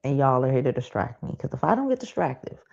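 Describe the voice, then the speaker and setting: A woman's voice: rumbling low, big pitch swings, quick pace, gravelly, a little mellow, breathy edge. A woman in her thirties hosting a live stream, venting bluntly in casual, profane talk. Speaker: livestream host. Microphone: streaming mic. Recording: dull lo-fi stream audio.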